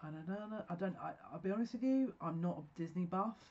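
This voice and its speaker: A woman's voice: lowish voice, lively intonation, quick pace, a little mellow, lo-fi sound. A woman giving a pick-a-card tarot reading, effusive and emotional, talking in bursts with restarts.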